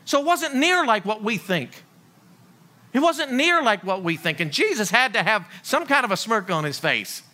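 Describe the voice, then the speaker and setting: A man's voice: sits high, sing-song, normal speed, pushed and bright. A man preaching a sermon as a pastor, full of rhetorical questions and folksy humor.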